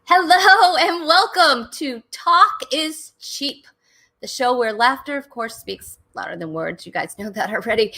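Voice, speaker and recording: A woman's voice: on the high side, sharp tone. Bubbly, chatty woman hosting a show. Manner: bubbly, chatty, giggly, with frequent restarts. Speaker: talk show host. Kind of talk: live online comedy talk show hosting. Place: home in Rhode Island during a thunderstorm.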